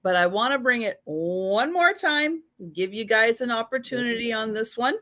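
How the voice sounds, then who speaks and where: A woman co-hosting and selling on a live stream, chatting casually in an unhurried, matter-of-fact way. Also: a little high, expressive, bright, forceful tone. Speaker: co-host and seller. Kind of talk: casual livestream chat.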